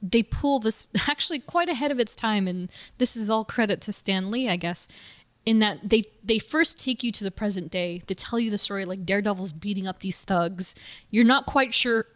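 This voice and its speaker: A woman's voice: mid-range voice, normal speed, a bit bright. A woman co-hosting a podcast in casual chat, rambling with fillers and laughing easily. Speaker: podcast co-host.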